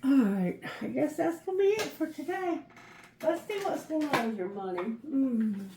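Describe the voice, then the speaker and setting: A woman's voice: high-pitched, lively intonation, moderate pace, reverberant, background noise. Giggly woman reading tarot cards. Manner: giggly and effusive, laughs often. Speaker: tarot reader. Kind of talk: chatty tarot card reading.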